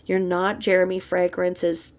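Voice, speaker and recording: Woman commentator, lowish gravelly voice, profane and sarcastic. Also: completely flat delivery, unhurried, a little mellow. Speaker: commentary podcaster. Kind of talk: gossipy commentary rant.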